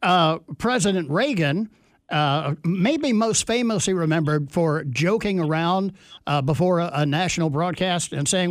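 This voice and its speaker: A man's voice: a little high, lively intonation, measured pace, no echo. A man hosting a radio interview who talks in a wry, drawling way, with many filler sounds and dry jokes. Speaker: radio host.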